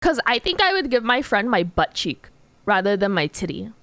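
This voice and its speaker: With a medium-pitched, sing-song voice and a fairly bright tone, a woman streamer chats at a moderate pace while drawing. She giggles often, fills her talk with "like," and answers viewers' chat questions, with no echo on the recording.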